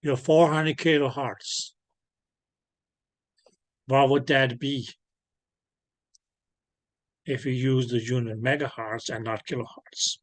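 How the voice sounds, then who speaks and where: A man lectures over a video call in a mid-pitched voice. He keeps pausing to ask whether everyone follows and corrects his own slips as he goes. The sound is dry and close. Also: fairly even intonation, no echo. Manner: patient, checks understanding, frequent self-corrections. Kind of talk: online class teaching.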